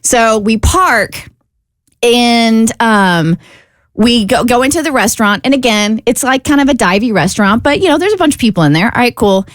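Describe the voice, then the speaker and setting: A woman co-hosting a radio show, telling a vacation story with animated, gushing delivery and laughter. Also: fairly high pitch, normal speed, dry recording, studio quality.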